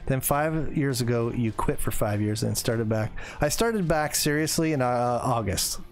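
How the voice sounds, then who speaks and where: A man's voice: medium pitch, lively intonation, moderate pace, soft background music. A man in his forties streaming a hunting game, chatting casually, reading viewer comments aloud and reacting to them. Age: 40s. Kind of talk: casual live-stream chat while playing.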